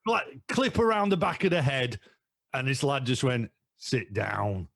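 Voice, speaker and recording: A man guesting on a football podcast, telling fan stories in a rambling, animated way with lots of fillers. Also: a little high, normal speed, no room sound. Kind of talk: casual storytelling.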